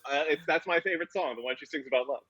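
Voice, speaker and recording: A man's voice: fairly high pitch, rapid-fire, sharp tone, dull audio. A man on a casual music panel, joking and self-deprecating.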